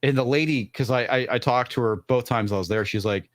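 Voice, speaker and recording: A man appearing as a guest in a casual chat, telling relaxed anecdotes with many fillers. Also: mid-range voice, fairly quick, no room sound, studio quality.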